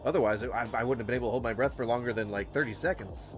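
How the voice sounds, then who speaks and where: A man riffing over videos he reacts to, swearing freely and laughing at his own rants. His voice sits at a middle pitch, with soft music in the background. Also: very fast. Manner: ranting, swears often, laughs a lot. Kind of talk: casual profane commentary.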